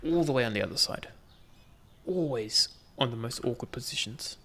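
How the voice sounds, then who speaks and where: A young man gives casual gameplay commentary, teasing the customers as he rings them up. His voice has a gravelly, rough texture. A faint hiss sits under the recording. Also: medium pitch, lively intonation, moderate pace, sharp tone. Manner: chatty, joking with in-game customers. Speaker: gaming video host.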